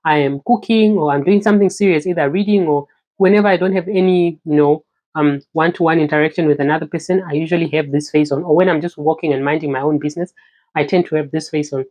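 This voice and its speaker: Chatty young woman from Namibia, lowish voice. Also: steady tone, fast talker, dark tone, dull audio. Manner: chatty, many "you know" fillers. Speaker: vlogger. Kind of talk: casual talking-to-camera vlog.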